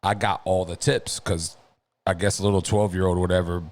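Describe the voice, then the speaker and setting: A man on a podcast telling a story in a casual, profane, animated way, laughing through it. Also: low voice, a little fast. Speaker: podcast co-host.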